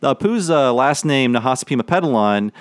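A male podcast host with a smooth, clear voice and a mid-range pitch. He chats in a relaxed way, asking questions with ums and easy laughs. The sound is close and dry. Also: a little fast, no room sound. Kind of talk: casual chat.

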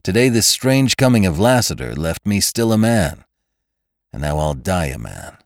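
A man's voice: sits low, sing-song, moderate pace, dry recording, clean studio sound. A man voicing a bitter, hot-blooded young cowboy who speaks in clipped, intense phrases.

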